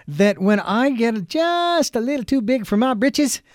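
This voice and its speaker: A man's voice: very high voice, sing-song, measured pace, dry recording, studio quality. A man hosting a talk show, speaking in a folksy, reflective way with fillers and restarts. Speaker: radio show host. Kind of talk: casual talk show conversation.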